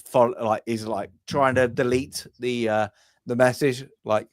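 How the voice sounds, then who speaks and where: A man's voice: mid-range voice, fairly even intonation, moderate pace, darkish tone, dry recording. Male podcast co-host, casual and rambling, mid-range voice, dry remote-call sound. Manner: rambling, filler-heavy, laughing asides. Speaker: film review podcast host. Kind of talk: casual chat. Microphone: remote live-stream call.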